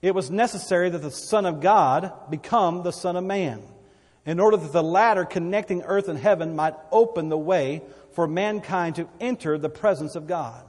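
A man's voice: high voice, moderate pace, a little mellow. A pastor delivering an emphatic sermon in a church, often repeating words as he builds his point. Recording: reverberant hall.

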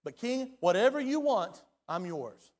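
A man preaching a sermon as pastor, his delivery swinging from loud and urgent to hushed and quiet. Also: sits high, big pitch swings, a little slow. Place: church sanctuary. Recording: long hall reverb.

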